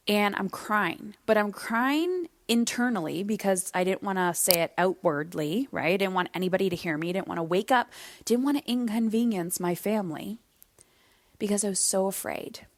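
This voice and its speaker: A woman's voice: mid-range voice, dry recording. Candid woman hosting a solo podcast. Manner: candid, conversational storytelling; slows down to stress key points. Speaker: podcast host.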